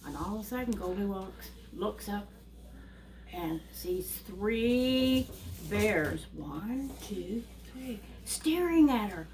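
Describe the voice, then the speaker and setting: A woman telling a fairy tale to young children, animated and asking them questions along the way. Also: medium pitch, takes it slowly, background noise. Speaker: children's storyteller. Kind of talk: reading a story to young children. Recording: distant mic with faint ambience.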